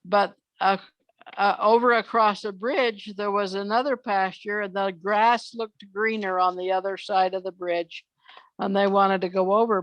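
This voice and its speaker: An older woman telling children's fairy tales from memory, unhurried, often pausing on "uh". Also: mid-range voice, dry recording. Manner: unhurried, with frequent "uh" pauses. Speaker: storyteller.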